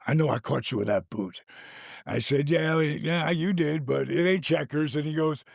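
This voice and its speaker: An older man with a gravelly voice, animated and swearing freely as he tells a story in casual chat, acting out the quotes. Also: a little high, moderate pace, no echo, clean studio sound. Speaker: guest.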